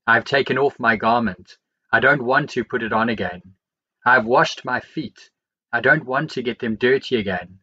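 Man reading scripture in a bright voice. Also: mid-range voice, breathy edge, dull audio. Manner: steady, measured verse-by-verse reading. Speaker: Bible reader.

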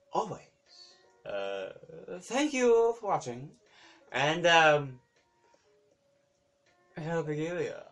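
A man of ordinary pitch talking slowly to his camera in a relaxed vlog. He stops to hunt for words and repeats himself often, with faint music behind him. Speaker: vlogger. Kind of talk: casual talk to camera.

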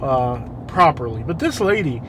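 A man's voice: mid-range voice, very animated, moderate pace, fairly bright tone, low-quality recording. A man, a rambling storyteller who laughs often, chatting casually while driving at night. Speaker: rideshare driver vlogging. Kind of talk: casual driving vlog chat. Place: inside a car driving at night. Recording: faint street noise behind. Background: faint road and traffic noise.

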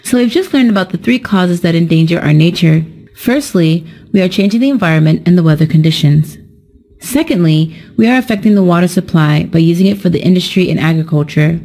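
A young adult woman teaching an English lesson in a slow, careful, explanatory way, scripted narration. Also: fairly low pitch, warm tone.

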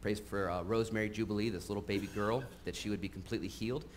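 A man's voice: lowish voice, very fast, slight background noise. Conversational man preaching a sermon. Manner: conversational, animated storytelling with frequent fillers. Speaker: pastor. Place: church sanctuary. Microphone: live-streamed recording.

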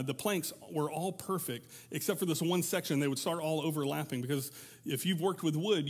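A man with a somewhat high voice preaches a sermon in a church. He talks to the congregation in a loose, conversational way and acts out little quoted voices to make his points. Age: adult parent. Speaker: pastor.

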